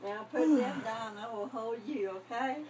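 Quiet woman chiming in from across the room. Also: fairly high pitch, normal speed, a crowd in the background. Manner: quiet, hesitant replies from the side. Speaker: friend joining the tour. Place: small home nursery indoors. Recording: noisy, away from the mic.

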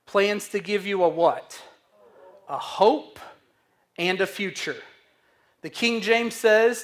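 A man pastor preaching a sermon, slow and emphatic, asking the congregation questions to fill in. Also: sits high, expressive, fairly bright tone. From Missouri.

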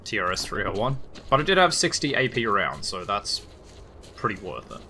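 A man's voice: lowish voice, big pitch swings, moderate pace, pushed and bright, a little hiss or hum. A man with an Australian accent giving casual, rambling, lightly profane commentary while playing a video game. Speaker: let's play gamer.

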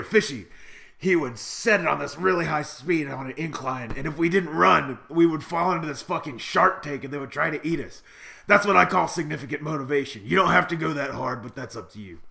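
A man's voice: on the high side, creaky, sharp tone. A man rambling through a profane, boastful comedic monologue to camera, full of swaggering bravado. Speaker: comedy vlogger in character.

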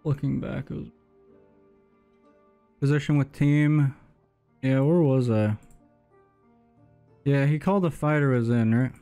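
A man's voice: medium pitch, steady tone, a little slow, gravelly, pauses often, dark tone, faint music behind. A young man streaming a game, casually talking through his own plays and second-guessing them. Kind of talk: casual gameplay commentary.

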